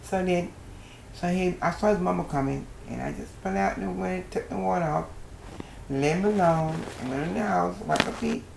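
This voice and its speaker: An older woman telling a personal story as a guest, in a lively storytelling manner with a dialect grammar. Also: on the low side, normal speed, gravelly, roomy sound, noisy background.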